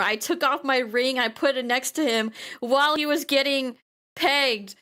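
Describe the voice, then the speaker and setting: A woman's voice: high voice, a little slow, bright, forceful tone. A woman streamer telling a story in casual chat, giggling through her words and stumbling over repeated words.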